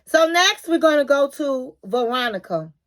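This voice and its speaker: High-voiced woman animatedly recapping gossip. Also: moderate pace. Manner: animated retelling, acting out quotes, chatty asides. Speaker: reality TV recap host. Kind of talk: casual recap commentary.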